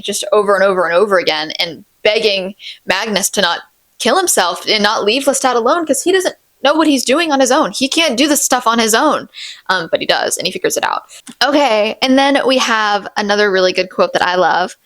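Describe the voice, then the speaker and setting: A woman's voice: medium pitch, lively intonation, moderate pace, fairly bright tone, no room sound. A woman chatting as a book vlogger, gushing and emphatic, repeating herself for stress while she comments on quotes. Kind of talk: casual fan commentary reading book quotes.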